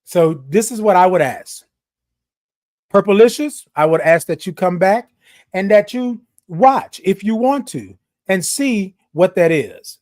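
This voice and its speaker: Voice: mid-range voice, lively intonation, slow, a little mellow. Passionate, emphatic live-stream host. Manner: passionate, emphatic, raises voice, preachy repetitions. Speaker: livestream show host. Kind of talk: animated live-stream talk to viewers.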